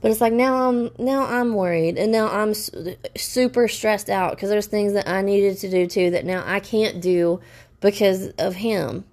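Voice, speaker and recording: A woman venting in a personal vlog rant, upset and stressed, talking haltingly with many restarts. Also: mid-range voice, a little mellow. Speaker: vlogger.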